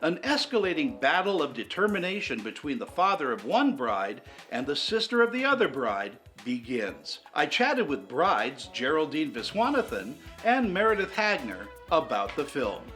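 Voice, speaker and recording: A man's voice: fairly high pitch, very animated, moderate pace, few pauses, sharp tone, soft background music. Upbeat male film critic. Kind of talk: scripted film review.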